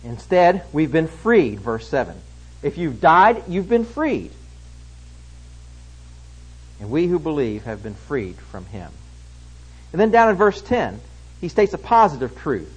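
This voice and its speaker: A man preaching an expository sermon, emphatic, swinging between loud stresses and hushed lines. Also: on the high side, sing-song, unhurried, husky, poor audio.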